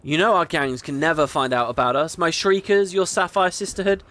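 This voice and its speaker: A man voicing a dramatic female tree-woman gang leader in a read-aloud romance, with breathy melodrama. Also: a little high, a little fast, sharp tone. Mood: melodramatic.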